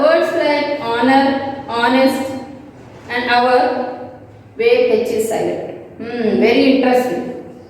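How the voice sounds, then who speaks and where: A woman teacher, slowly explaining a grammar lesson and often checking that the class understands. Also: high-pitched, a little mellow, slight background noise. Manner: slow, repetitive explaining with frequent checks. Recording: echoey hall, mic at a distance.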